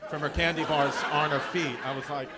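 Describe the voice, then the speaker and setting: High-voiced New comic on stage. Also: male voice, fairly even intonation, brisk. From New York. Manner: rambling, self-deprecating, teasing the crowd. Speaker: stand-up comedian. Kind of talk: live stand-up comedy. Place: comedy club stage. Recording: live club, loud audience and room noise.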